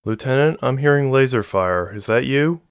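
A man reading the part of a tough young woman mech pilot with cybernetic legs, brisk and commanding, in an audiobook. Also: mid-range voice, lively intonation, clear, resonant tone, no echo, voice pushed up, close to an everyday voice. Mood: reporting.

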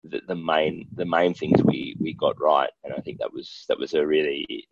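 A man's voice: extremely low pitch, steady tone, moderate pace, heavy background noise. A man with an Australian accent, co-hosting a podcast in casual chat and telling stories in a laid-back, jokey way. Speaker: podcast co-host. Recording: dull, dry lo-fi recording.

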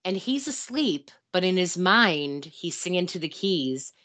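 A woman's voice: on the low side, sing-song, a little slow, fairly bright tone. A woman co-hosting a podcast, chatting casually about a film, giggly and jumping in with jokes. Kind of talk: casual movie recap.

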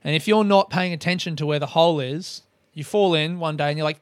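Rambling, swearing man, smooth voice. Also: fairly high pitch, quick pace, no room sound. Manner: rambling, heavy swearing, self-mocking. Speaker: comedian podcast host. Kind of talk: casual monologue.

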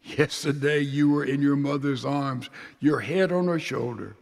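A man preaching a sermon and reading a father's letter aloud in a slow, tender, emotional way that sinks to hushed tones. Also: mid-range voice, creaky. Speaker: pastor. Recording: long reverb of a large hall.

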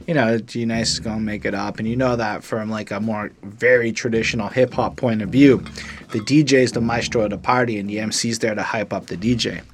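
A man's voice: lowish voice, fairly even intonation, brisk, a little hiss or hum. A man casually reviewing a song on a podcast, rambling and enthusiastic, with lots of swearing. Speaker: music reviewer.

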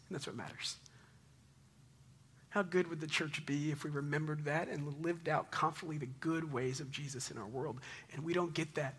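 A man in his thirties preaching a conversational sermon, telling stories in an animated way and closing in prayer. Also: fairly high pitch, slightly rough. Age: 30s. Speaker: pastor.

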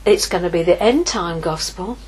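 A woman preaching a sermon, lively, moving from hushed asides to exclaiming. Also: fairly low pitch, normal speed, husky, poor audio. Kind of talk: sermon teaching.

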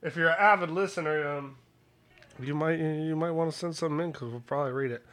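A man's voice: a little high, quick pace, fairly bright tone. A man co-hosting a casual podcast, joking crudely and rambling with stammered restarts. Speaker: podcast co-host.

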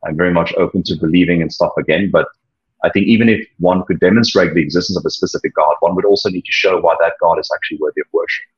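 Casting note: low, husky male voice, hesitant and thoughtful, dull lo-fi recording. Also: steady tone. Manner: halting, repeats words, many ums. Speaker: interview guest, former church leader. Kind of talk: reflective conversational interview. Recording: dull lo-fi audio.

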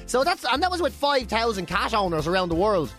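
A man co-hosting a radio show, chatting casually and telling jokes with animated delivery. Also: high voice, fairly quick, soft background music. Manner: joking, animated storyteller. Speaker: radio co-host.

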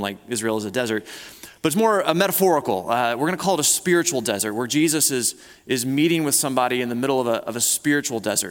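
A man in the middle of a sermon, talking in a relaxed, conversational way that often stops and restarts. His mid-pitched voice carries a long reverb from the church hall around him. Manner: conversational, with frequent restarts and repeated words. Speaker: pastor. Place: church sanctuary.

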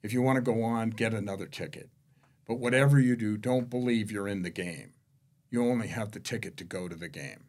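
A man, a real estate executive, telling anecdotes as a podcast guest, shifting between hushed and emphatic delivery. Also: lowish voice, brisk. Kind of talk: conversational storytelling.

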